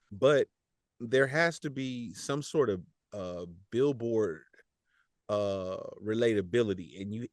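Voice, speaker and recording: Male voice actor guest, low and relaxed, animated slangy talk, dry close mic. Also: dry recording. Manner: animated, laughs often, slangy, repeats words. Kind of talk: casual podcast interview.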